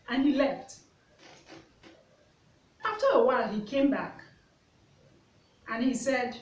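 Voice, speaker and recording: Speaking slowly with long pauses, a woman with a fairly high voice shares reflective stories to camera. She's a mother and part-time teacher, earnest in tone, who keeps putting questions to the viewer. A distant mic gives the recording a roomy feel with faint ambience.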